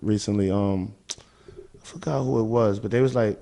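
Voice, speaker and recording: A man's voice: fairly low pitch, normal speed, gravelly, pauses often, warm tone. A man guest on a hip hop podcast, talking in street slang and telling stories with lots of "word" and "yo". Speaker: rapper guest. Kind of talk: casual interview chat.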